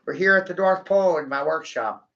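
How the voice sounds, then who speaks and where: A man's voice: fairly high pitch, a little fast, lo-fi sound, background noise. A man rambling through a vlog monologue, cursing, taunting his viewers and laughing at his own jokes.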